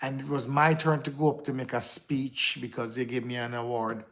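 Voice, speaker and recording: A man with a Jamaican accent chats casually to viewers on his livestream, rambling and slipping into patois. His medium-pitched voice is level and a bit bright, at a normal speed.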